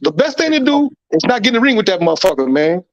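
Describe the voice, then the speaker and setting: Give me a man from Chicago who talks fast and swears a lot, repeating himself for emphasis. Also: high-pitched, very animated. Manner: profane, emphatic storytelling with heavy repetition. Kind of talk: casual chat. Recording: muffled lo-fi recording.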